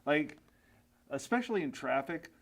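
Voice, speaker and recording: A man's voice: fairly high pitch, expressive. A man from Montana hosting a casual chat, throwing in joking asides. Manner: joking interjections, quick asides. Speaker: host.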